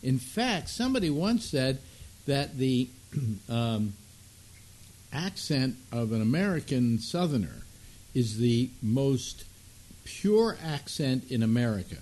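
A man's voice: mid-range voice, very animated, slow, darkish tone. A man hosting a talk show, chatting casually and rambling with plenty of fillers. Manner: rambling and conversational with many fillers. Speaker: radio talk show host. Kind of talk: casual chat.

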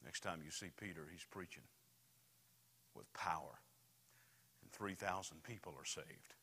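Brief: male pastor, storytelling sermon, hushed to loud, tense bright timbre. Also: low voice, measured pace, gravelly, pauses often, slightly rough. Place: church sanctuary. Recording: reverberant church hall.

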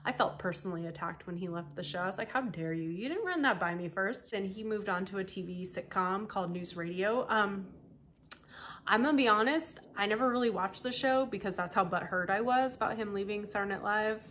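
A woman hosting a podcast tells a true-crime story in a loose, chatty way. She keeps breaking off into asides and laughs. Her voice sits at a middle pitch. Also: brisk, a bit bright, a little hiss or hum. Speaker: podcast host.

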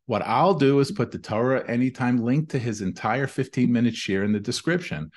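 A man's voice: mid-range voice, fairly quick. A man hosting the show, reading an enthusiastic scripted outro that asks listeners to share the video. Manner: enthusiastic, promotional. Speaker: host.

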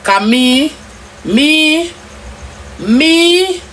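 A woman with a Jamaican accent, her voice sitting a little high, rants hotly through a livestream. She curses freely and her pitch swoops up and down as she scolds. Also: animated, very slow, a little hiss or hum. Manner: angry, cursing, loud and swooping. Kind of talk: heated livestream rant.

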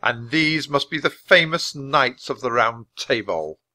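A mysterious knight from a storybook, booming and stern with slow, heavy words, as a man acts him out. The voice is bright and gravelly. It sounds dry and close. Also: dry recording, heavily acted.

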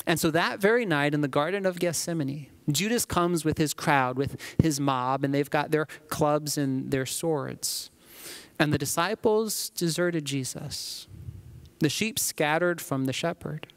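A man's voice: fairly high pitch, a little slow, fairly bright tone, no echo. A man preaching a sermon as a pastor, telling the scripture scenes like a story and acting them out.

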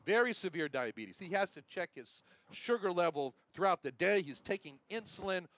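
A man's voice: high-pitched, lively intonation, normal speed, fairly bright tone. A man teaching a sermon, emphatic and repeating his Bible references. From United States. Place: chapel.

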